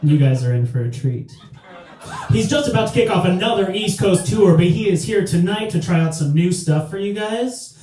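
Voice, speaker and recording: An actor playing a male open-mic emcee who warms up the crowd with an upbeat introduction. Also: high-pitched, lively intonation, normal speed, faint music behind. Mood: hyped. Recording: echoey theatre room.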